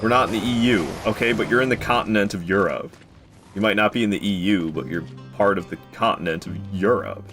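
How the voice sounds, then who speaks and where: A man streaming a video game gives casual, joking commentary over game music, chatting with viewers and running himself down when he fails. His voice is fairly low and fairly bright, and he talks fast.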